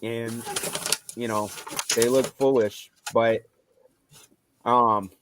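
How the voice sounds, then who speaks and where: A middle-aged man, a football coach, casually retelling stories from his games, getting loud and animated when he quotes himself. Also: medium pitch, drawn-out words, slight background noise. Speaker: high school football coach. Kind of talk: casual storytelling on a live show.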